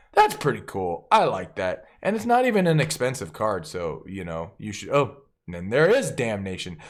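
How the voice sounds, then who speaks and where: An enthusiastic man hosting a deck review, talking fast and casually with jokes and sudden exclamations. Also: mid-range voice. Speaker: channel host reviewing a card game deck.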